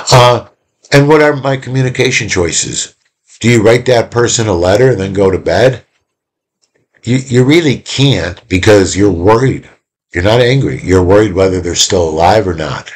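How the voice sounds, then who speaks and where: Male teacher, deeper voice, chatty and animated, a casual video lesson with bits of play-acting. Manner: animated, chatty, acts out little quoted exchanges.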